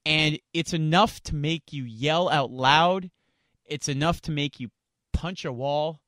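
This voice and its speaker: A man hosting a sports radio show rants with indignation, tripping over repeated words in a heated talk segment. His voice is on the high side and a bit bright, delivered at a measured pace, and the studio microphone gives a clean, dry sound with no room tone.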